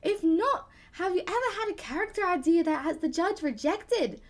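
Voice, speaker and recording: A woman's voice: extremely high pitch, lively intonation, normal speed, pitched above the performer's own voice. A woman reading a viewer's letter aloud in a put-on Scottish accent, giggling as she goes. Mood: playful mock-brogue.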